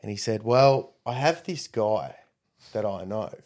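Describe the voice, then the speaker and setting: A man casually recounting a story, rambling and animated when quoting others. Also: lowish voice, a little slow.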